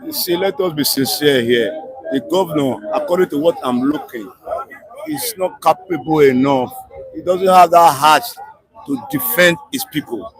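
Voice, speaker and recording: A man with a Nigerian accent, speaking in a street interview, fiery and often shouting, repeating himself and mixing in pidgin. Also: fairly high pitch, expressive, normal speed, husky, faint music behind, rough recording.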